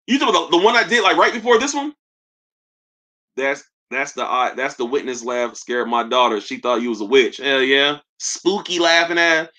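Bright-voiced man roasting on a livestream. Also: mid-range voice, moderate pace. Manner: trash-talking, joking, loose and laughing. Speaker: livestream host. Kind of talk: casual roast commentary on a livestream.

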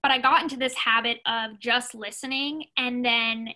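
A woman's voice: fairly high pitch, fairly even intonation, normal speed, bright, forceful tone, low-quality recording. A young woman talking casually as a podcast guest, with many fillers like "you know" and "like". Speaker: sports agent, podcast guest. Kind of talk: casual interview talk.

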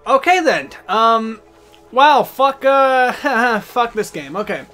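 A young man hosting a let's play, talking casually and swearing loudly at the game. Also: very high-pitched, animated, soft background music. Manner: loud, profane, quick frustrated outbursts. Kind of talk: casual gameplay commentary.

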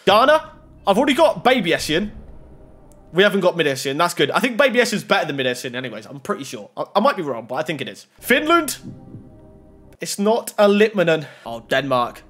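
A man's voice: fairly high pitch, a little fast, faint music behind. A young man giving casual running commentary while opening game packs. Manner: running commentary, rising to excited shouts. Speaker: FIFA pack-opening YouTuber.

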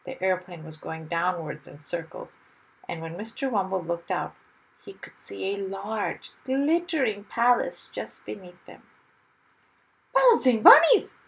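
A woman reading a children's story aloud with expressive, lively storytelling. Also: medium pitch, measured pace, creaky, rough recording. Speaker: storybook reader.

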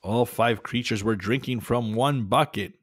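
A man narrating a children's adventure story in a calm, measured way. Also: mid-range voice, husky, dry recording, clean studio sound. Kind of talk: scripted narration.

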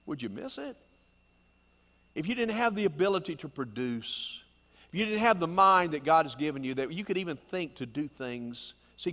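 High-voiced pastor preaching in a reverberant church. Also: male voice, a bit bright. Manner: folksy, rhetorical questions to congregation. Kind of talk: sermon. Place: church sanctuary.

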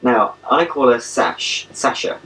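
A man's voice: mid-range voice, slow pace, sharp tone. Young man, from England, playful chat, baby talk to dogs, distant old home-video sound. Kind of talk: casual home video message to a pen pal. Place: at home, indoors.

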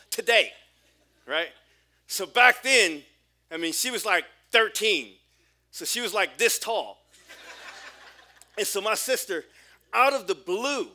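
A man in his forties preaching a sermon as a pastor, telling a personal story in an animated way with frequent restarts. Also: high-pitched. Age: 40s.

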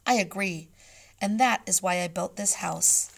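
A woman reading as a gentle, dignified caliph. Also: lowish voice, unhurried, vocal fry. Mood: warm. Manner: hushed, gentle, courteous speech. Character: dignified, gracious male caliph, kind and wise. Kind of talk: read-aloud storybook role.

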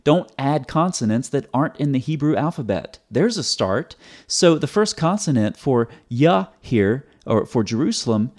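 Man, mid-pitched voice, sarcastic teaching commentary, explanatory, repeats words, host talking to viewers. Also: sing-song, normal speed, darkish tone.

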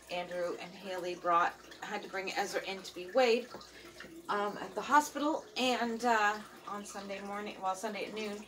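A middle-aged woman talks through her week in a loose, rambling way, leaning on fillers as she goes. She sits some way back from the microphone. Water runs clearly in the background. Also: mid-range voice, a bit bright. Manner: rambling and chatty, with many fillers. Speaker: vlog host. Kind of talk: casual chat. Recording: distant mic with running water noise.

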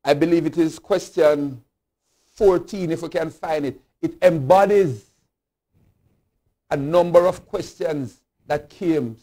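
A bishop from Jamaica teaching a Bible study in a sermon style, emphatic and deliberate, rising to loud declarations and dropping low again. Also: male voice. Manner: slow, deliberate preaching cadence with repeated refrains.

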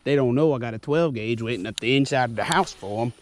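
A man's voice: medium pitch, fast, slight background noise. A man from Louisiana with a Louisiana accent, vlogging outdoors while fishing and joking in a goofy, self-mocking way. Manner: goofy, self-mocking, talks to snakes in a sing-song voice. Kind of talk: casual vlog talk to camera. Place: outdoors by the water.

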